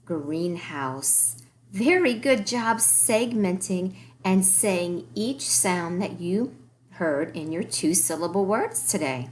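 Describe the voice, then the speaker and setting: A woman's voice: medium pitch, lively intonation, slow pace, a little hiss or hum. A woman teaching a recorded early-grade reading lesson, encouraging the children and sounding out words letter by letter.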